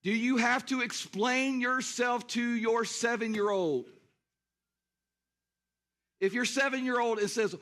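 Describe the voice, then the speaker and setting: A man preaching a sermon in a high-pitched voice. He is animated and talks straight to the congregation, pulling them in with questions. He acts out the scenes he describes. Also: slow pace, pauses often. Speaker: pastor.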